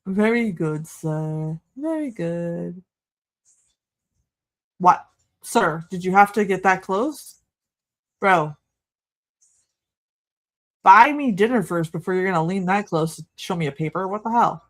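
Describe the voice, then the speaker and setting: A woman's voice: lowish voice, lively intonation, takes it slowly, pauses often. A young woman hosting a livestream, casually joking through a movie watch-along and talking to her chat. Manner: chatty, joking asides to chat, frequent laughs. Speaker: livestream host.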